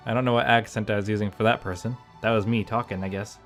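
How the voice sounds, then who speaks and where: A man talking casually over his gameplay as a YouTuber, thinking out loud with rambling asides. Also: fairly low pitch, steady tone, quick pace, soft background music. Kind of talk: casual let's-play commentary.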